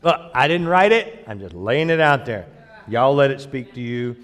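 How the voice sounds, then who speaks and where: A man's voice: medium pitch, very animated, moderate pace, a bit bright, long reverb tail. A male pastor preaching a sermon in a church, telling the story in a folksy, joking way. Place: church sanctuary.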